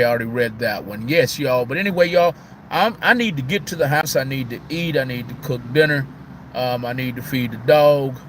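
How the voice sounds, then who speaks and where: Sad guy on a live stream almost crying, keeps saying man and y'all, faint traffic outside. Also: mid-range voice. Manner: emotional, heartbroken, repetitive with "man" and "y'all". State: on the verge of tears. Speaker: livestream host. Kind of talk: casual live-stream talk.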